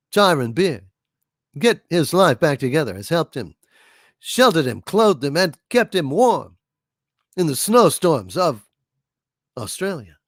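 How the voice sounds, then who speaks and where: A man's voice: a little high, no room sound, studio quality. A man hosting a casual live stream, telling jokes and reading viewer messages aloud. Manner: animated, reads viewer messages and tells jokes. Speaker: livestream host.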